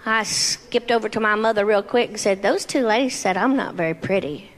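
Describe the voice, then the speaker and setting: A woman's voice: medium pitch, brisk, in a large hall. A woman doing a stand-up routine, telling confessional stories in front of an audience. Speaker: stand-up comedian.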